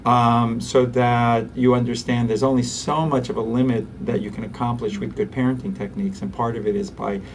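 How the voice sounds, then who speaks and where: A man, a pediatrician, giving an interview and explaining parenting techniques in an animated way, acting out parents and kids. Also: mid-range voice, fairly quick, hardly any pauses, far from the mic, slight background noise. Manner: animated, acts out parents and children.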